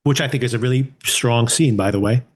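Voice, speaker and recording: A man's voice: medium pitch, fairly quick. Male podcast co-host, easygoing mid-range voice, conversational reviewer who muses and questions as he goes. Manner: conversational, thinking aloud with restarts and rhetorical questions. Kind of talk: casual TV review chat.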